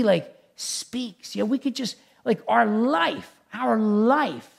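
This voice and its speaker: A man who is a pastor, preaching a conversational sermon in an animated, chatty way with many asides. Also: sits high, gravelly.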